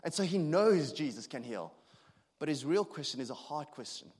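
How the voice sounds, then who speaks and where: A man in his thirties preaching a sermon, earnest and halting, with frequent restarts and fillers. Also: a little high, sing-song, a little mellow, slightly rough. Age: 30s. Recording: long hall reverb.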